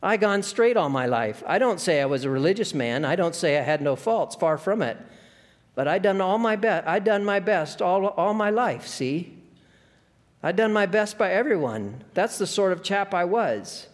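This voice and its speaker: A man voicing the bitter, self-righteous ghost of a working man, who talks with rough grammar in a blustering, complaining way. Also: high-pitched, lively intonation, normal speed, voice pushed up. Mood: indignant. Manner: indignant and complaining. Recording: long echo of a large hall.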